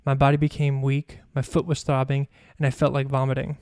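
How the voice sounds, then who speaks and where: A man reads his own memoir aloud in a measured, even storytelling manner. His tone is mellow and warm, with little rise and fall in pitch. The recording is close and dry. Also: smooth, no echo. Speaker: podcast host and author.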